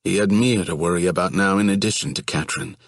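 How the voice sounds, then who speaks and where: A man reading an audiobook in a steady, even storytelling manner. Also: low-pitched, fast talker, creaky, no room sound, studio quality. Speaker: audiobook narrator. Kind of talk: audiobook narration.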